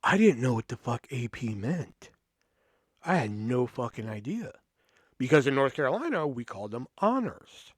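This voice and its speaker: Speaking at a moderate pace in a medium-pitched voice, a man on his podcast rambles through a story, swearing constantly and leaning on "you know." He brings quoted people to life with animated voices, and the sound is dry and clean like a studio.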